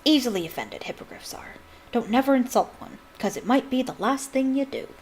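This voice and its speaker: A woman voicing a huge, gruff but kindly male gamekeeper who talks in rustic country speech. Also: sits high, animated, fairly quick, a little mellow, slight background noise, voice pushed up. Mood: eager.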